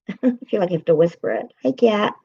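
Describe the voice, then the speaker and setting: A woman's voice: mid-range voice, normal speed, vocal fry, dark tone, husky, highs cut off. A woman live streamer, upset and swearing as she vents to her chat and greets viewers by name.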